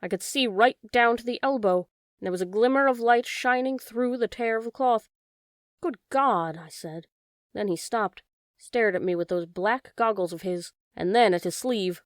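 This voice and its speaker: A woman's voice: a little high, moderate pace, dry recording, lightly acted. A woman voicing a nervous middle-aged village doctor, a man, recounting a fright in an audiobook reading with a dry sound. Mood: uneasy. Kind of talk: audiobook character voice.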